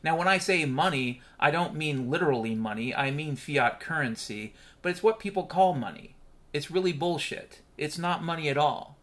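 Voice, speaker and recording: A man's voice: a little high, lively intonation, moderate pace, fairly bright tone, a little hiss or hum. A man hosting his own podcast in a candid, rambling monologue with frequent swearing. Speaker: podcast host.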